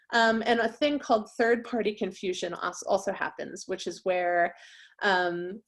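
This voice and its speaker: A woman who trains interpreters, giving a conversational webinar presentation and often checking in with her listeners. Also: medium pitch. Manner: conversational, checks in with frequent "right?".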